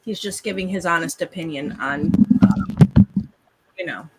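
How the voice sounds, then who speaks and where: A woman's voice: fairly low pitch, unhurried, very noisy. Lady running a tabletop game, chill and chatty, explaining stuff loosely. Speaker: game master. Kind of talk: casual tabletop game chat.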